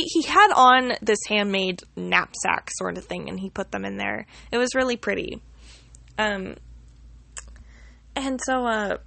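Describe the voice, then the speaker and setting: Young woman rambling thru a story, higher voice, gravelly fry, lots of "like", swears now and then. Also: fairly bright tone, no echo. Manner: rambling, full of "like" fillers and casual swearing. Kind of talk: casual personal storytelling.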